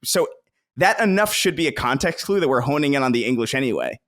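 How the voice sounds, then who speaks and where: An American man chats on a podcast in an ordinary mid-pitched voice, tripping over fillers and restarts as he works through a thought. His tone is wry and conversational. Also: expressive, fairly bright tone. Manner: halting, filler-heavy, wry. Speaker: podcast co-host. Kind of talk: casual chat.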